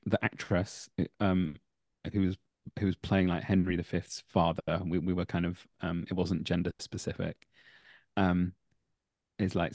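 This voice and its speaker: A young man with a Manchester accent, an actor and acting teacher, telling animated backstage anecdotes in a casual interview and laughing as he goes. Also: low-pitched, dry recording, clean studio sound. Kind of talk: casual podcast interview, storytelling.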